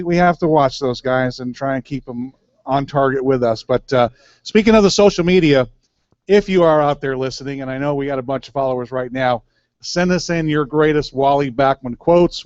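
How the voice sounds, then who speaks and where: A man's voice: mid-range voice, dry recording. A man hosting a talk show, chatting casually with some hesitations. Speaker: radio show host. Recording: dull lo-fi sound.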